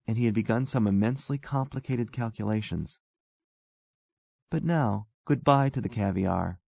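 A man narrating a story aloud in measured, even storytelling. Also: fairly low pitch, creaky, breathy edge, dry recording. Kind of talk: scripted narration.

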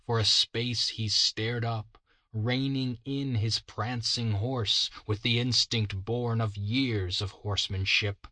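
Guy reading a story real slow, bright voice, dry close mic. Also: mid-range voice, fairly even intonation, no echo. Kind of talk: scripted narration.

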